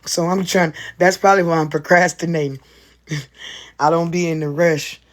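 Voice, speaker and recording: Livestreamer, casual chat, profane, rambling, mid pitch, self-interrupting. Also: steady tone. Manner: rambling and profane, talks to viewers directly; quick, self-interrupting explanations.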